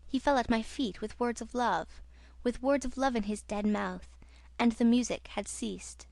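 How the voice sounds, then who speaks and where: A woman narrating a classic horror audiobook in an expressive, theatrical reading. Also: on the high side, moderate pace, dry recording.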